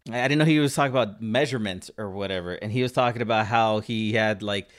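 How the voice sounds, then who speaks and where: His voice is on the lower side as he recounts a tale casually, full of ums, restarts, and rambling pauses. He comes from Southern California.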